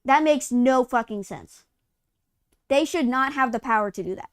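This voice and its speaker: High-voiced woman ranting in exasperation. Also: lively intonation, moderate pace, clear, resonant tone, dry recording, clean studio sound. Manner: heated, profane ranting; exasperated rhetorical questions. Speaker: co-host of a live gaming news show. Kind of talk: casual live-stream chat.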